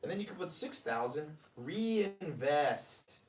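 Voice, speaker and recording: A man's voice: on the high side, sing-song, slow pace, echoey room, recorded from a distance, slight background noise. A man hosting a live-streamed money advice talk. He talks with energy and reads viewer comments aloud. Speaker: host.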